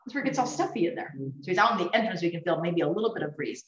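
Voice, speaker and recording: Lively woman teaching Bible study, echoey. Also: on the low side, very fast. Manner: animated, enthusiastic, laughs often. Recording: echoey room, mic at a distance, dull sound.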